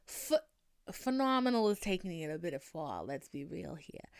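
Podcast host, woman, light Boston accent; animated, rambling and profane, with a smooth, clean voice. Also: on the low side, moderate pace, no room sound, studio quality. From Boston area, US. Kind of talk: casual chat.

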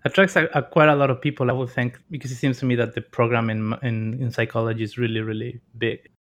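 A man's voice: medium pitch, flat delivery, fast talker, a bit bright. A young man from Mexico hosting a casual interview, chatty and curious, with loose phrasing and many fillers. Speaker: host.

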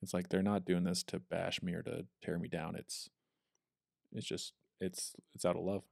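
Very low, gravelly man; halting, earnest co-host, dry close mic. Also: little pitch movement, a little mellow, dry recording. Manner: halting, earnest, repeats words. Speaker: podcast co-host. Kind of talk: casual chat.

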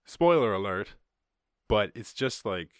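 A man's voice: fairly low pitch, lively intonation, measured pace, smooth, no echo, clean studio sound. Rambling, swearing Irish man. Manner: rambling, swears a lot, laughs at himself. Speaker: podcast host. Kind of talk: casual chat and freestyle rap.

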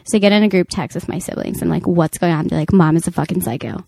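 A woman in her thirties, co-hosting a podcast and telling a family story in casual chat, animated and full of fillers and restarts. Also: fairly low pitch, fast, gravelly, no room sound, clean studio sound. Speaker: podcast co-host.

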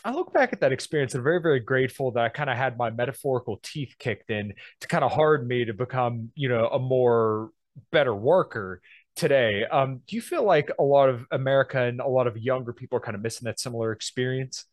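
Young male co-host, mid-pitched, easygoing and filler-heavy, dry close mic. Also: a little fast, no echo. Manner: relaxed, with many ums and kindas. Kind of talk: casual chat.

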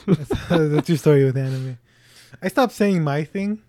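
A man co-hosting a movie podcast in casual chat, playful and quick to laugh. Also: a little high, dark tone, no room sound, studio quality. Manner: playful, laughs often, tries impressions. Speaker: podcast co-host.

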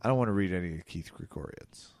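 A man's voice: low voice, quick pace, gravelly, a little mellow, dry recording. A man co-hosting a comedy podcast, chatting casually with dry, wry quips. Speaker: podcast co-host.

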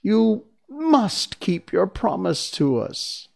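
A man voicing an earnest young girl in a storybook reading, speaking high and eager. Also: big pitch swings, slow, gravelly, full character voice.

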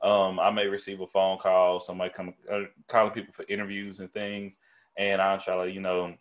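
A man with a deep voice telling stories in casual podcast chat, swearing freely and restarting his sentences often. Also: monotone, brisk. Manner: casual, profane storytelling with many restarts.

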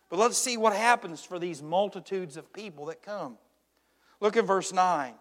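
A man preaching a sermon as pastor, swinging between hushed intensity and shouted emphasis. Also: sits high, moderate pace. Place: church sanctuary. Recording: long church reverb.

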